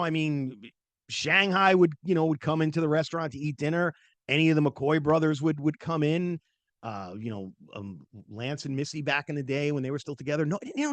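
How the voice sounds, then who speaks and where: Animated middle-aged man telling a story. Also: on the high side, no room sound. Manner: animated, chatty, many fillers, acts out quoted voices. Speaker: podcast host. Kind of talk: casual storytelling monologue.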